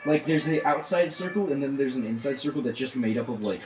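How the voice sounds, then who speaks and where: A man running a tabletop game, narrating in a halting way with many fillers. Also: mid-range voice, fairly even intonation, darkish tone, roomy sound, dull audio. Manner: halting, filler-heavy storytelling. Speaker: game master.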